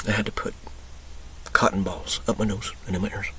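A man from Texas talking through his memories in a rambling personal monologue, emotional and profane, drifting from loud outbursts into whispers. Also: low-pitched, little pitch movement, brisk, noisy background. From Texas, USA. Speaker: vlogger.

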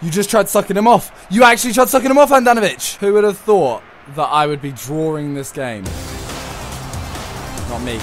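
A young man giving live commentary on his own football video game match, excitable, shouting and pleading at the game. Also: high-pitched, moderate pace. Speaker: gaming YouTuber. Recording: faint background music.

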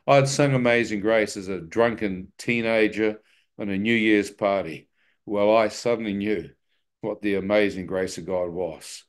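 A man's voice: fairly low pitch, fairly even intonation, measured pace. A man sharing his personal testimony with a live church audience, telling it vividly and with self-mocking humor.

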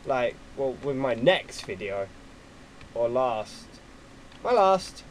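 A man giving casual gameplay commentary at his computer, excitable and quick to swear at opponents. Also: mid-range voice, slight background noise, poor audio. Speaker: gaming YouTuber.

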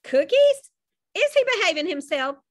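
Woman doing a shrill fussy mother. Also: very animated, normal speed.

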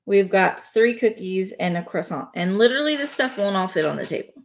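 A woman talks casually on a live stream from her home, keeping up a loose, joking patter as she goes. Her voice sits at a middling pitch, and she breaks into easy laughter between remarks. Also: animated, fairly quick, few pauses. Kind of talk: casual live-stream chat while building a toy set. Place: home, indoors.

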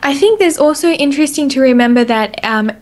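A woman co-hosting a casual live-streamed podcast. Her voice sits a little high, and she talks in an eager, excitable way, scattering "like" through her sentences. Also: fairly quick. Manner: chatty and excitable, many likes. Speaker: podcast co-host.

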